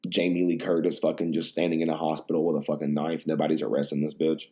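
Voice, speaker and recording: A man's voice: a bass voice, completely flat delivery, fast talker, few pauses, mellow. A man hosting a podcast in casual chat, rambling, profane and full of slang. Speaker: podcast host.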